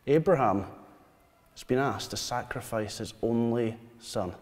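A man, preaching a sermon. He tells stories and asks the congregation questions, dropping to quiet asides. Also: mid-range voice, unhurried. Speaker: pastor. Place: church hall. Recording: long church reverb.

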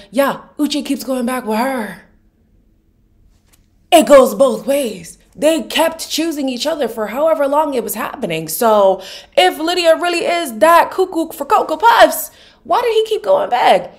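A woman vlogger talks straight to camera in a casual recap, her voice a touch higher than most women's even with her deep morning tone. She is opinionated and sassy, leaning hard on her points with emphatic asides. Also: unhurried. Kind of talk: casual reality-TV recap commentary.

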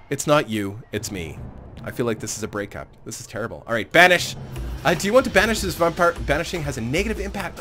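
Chatty man with a lively, bright voice. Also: fairly high pitch, fast, soft background music. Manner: chatty, rambling, often laughing to himself. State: recovering from a cold. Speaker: let's play host. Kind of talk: casual gameplay commentary.

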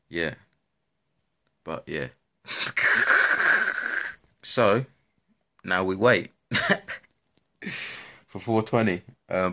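Laid-back young man, very deep voice. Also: gravelly, pushed and bright. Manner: laid-back, slangy, swears a lot. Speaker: vlogger. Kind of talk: casual chat to camera. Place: at home and outdoors.

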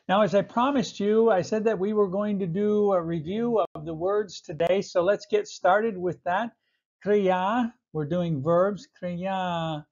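A man teaching basic English verbs, repeating each word slowly and clearly with light chuckles. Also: high-pitched. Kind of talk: slow vocabulary lesson for learners. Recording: dull lo-fi audio.

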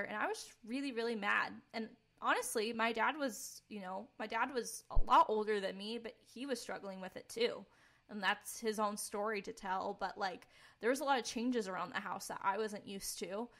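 A woman's voice: medium pitch, a bit bright. Earnest young woman sharing testimony. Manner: earnest, candid, filler-heavy with frequent "like". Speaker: podcast co-host. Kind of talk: personal testimony, casual chat.

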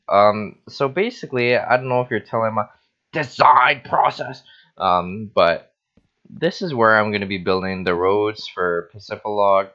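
A young adult man, tipsy from wine, hosts a casual Minecraft let's-play, rambling, swearing, and mocking himself while building. His voice is fairly low, a little slow, and sharp-toned, captured on a dull lo-fi recording.

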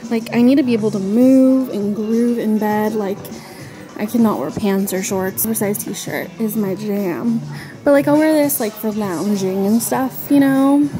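Talking to camera over music, a young woman vlogs about lifestyle in a bubbly, chatty way, sprinkling in "like" and "so cute" and other fillers. Her mid-range voice is unhurried, and the audio quality is poor.

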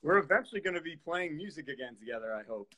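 A man's voice: a little high, animated, fast talker, pushed and bright, slight background noise, low-quality recording. A man hosting a live video chat in an easygoing, teasing way. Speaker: host. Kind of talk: casual live-stream chat. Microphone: video call.

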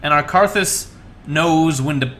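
A man's voice: a little high, a little slow, fairly bright tone, a little hiss or hum. A man hosting a casual gameplay video, joking and chatting playfully with his co-player. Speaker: let's-play host.

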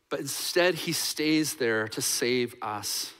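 A man's voice: fairly high pitch, expressive, a little slow, hardly any pauses, bright, forceful tone. A male pastor preaching a sermon in a church, earnest, with fillers and repeated words. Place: church sanctuary. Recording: reverberant church hall.

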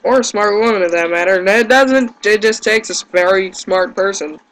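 A man's voice: sits high, moderate pace, fairly bright tone, poor audio. A man giving gameplay commentary, yelping in panic and groaning at his own mistakes. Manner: panicky yelps and self-deprecating groans. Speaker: let's play gamer.

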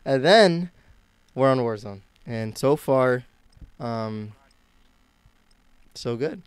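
A man's voice: medium pitch, lively intonation, drawn-out words, smooth. A young man from the United States chatting casually while live-streaming games, rambling and self-mocking. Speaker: game streamer.

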